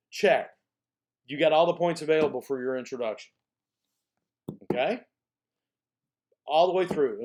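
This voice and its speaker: Teaching a college speech course on a lecture recording, this man sits on the high side with a somewhat dark tone. He lays out each step in order, repeats himself, checks in with "okay?", and eases his pace to emphasize important phrases.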